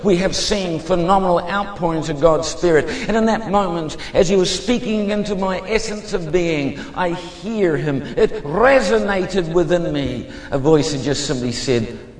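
Guy preaching his testimony, fervent, goes hushed then loud, big roomy echo. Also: high-pitched, a little slow, few pauses. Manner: fervent, shifts between hushed and emphatic. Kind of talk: testimony sermon.

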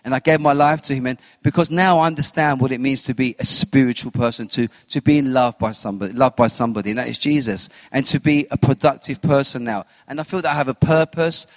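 A man giving a personal faith testimony as an interview guest, telling his story with animated retellings of what he said and thought. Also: medium pitch, fast, few pauses, no echo, big-room sound. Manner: animated storyteller who acts out his own quotes.

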